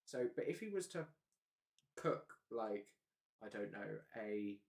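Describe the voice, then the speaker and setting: A man's voice: on the low side, animated, slow pace, gravelly, a little mellow. A man hosting a live stream, chatting casually and rambling with frequent hesitations and laughs. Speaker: livestream host.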